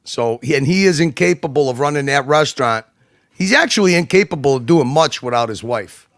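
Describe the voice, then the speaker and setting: A man chats as a livestream guest, rambling and emphatic, full of restarts and asides. His voice sits a little high for a man. The sound is dry and close. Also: expressive, fairly quick, a bit bright, dry recording. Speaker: guest commentator. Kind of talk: casual livestream chat.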